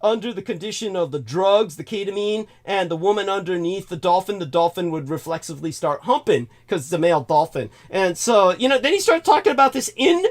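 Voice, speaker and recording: A man hosting a call-in talk show, animated and swearing casually, laughing often. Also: sits high, brisk, few pauses. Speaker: show host.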